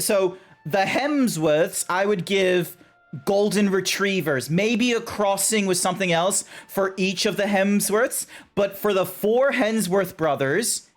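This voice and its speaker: A man chatting casually to his stream chat as a game streamer, animated and joking. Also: high-pitched. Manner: animated, chatty, talks to chat, frequent laughs and restarts.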